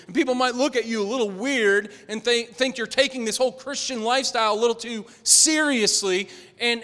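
Preacher man in an echoey hall. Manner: swings from loud emphatic lines to low quiet asides. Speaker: pastor. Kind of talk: sermon. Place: large room with a congregation. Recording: echoey hall with long reverb.

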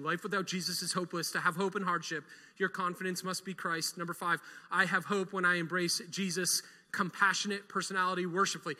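A young man preaches from the pulpit with a high, sharply bright voice. He drives his points home with repetition and rhetorical questions, and his words ring out with a long reverb through a church sanctuary. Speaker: pastor. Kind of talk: sermon.

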